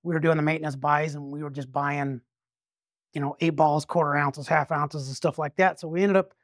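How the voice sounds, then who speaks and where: A man's voice: fairly high pitch, fairly even intonation, brisk, no echo, clean studio sound. A man detective telling a story casually, rambling, restarting often and swearing freely. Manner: rambling, with frequent restarts and profanity.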